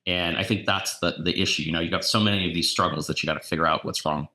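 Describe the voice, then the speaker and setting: Deep-voiced man telling stories in an echoey room. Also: fast talker. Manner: animated anecdotes, repeats words. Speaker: real estate agent and coach. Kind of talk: casual storytelling.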